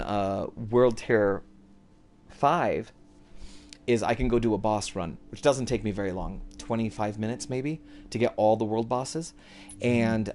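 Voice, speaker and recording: A man's voice: mid-range voice, darkish tone, slight background noise. Rambling male gamer streaming from home. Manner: rambling, loose and self-correcting. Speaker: streamer playing a video game. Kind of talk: live gameplay commentary.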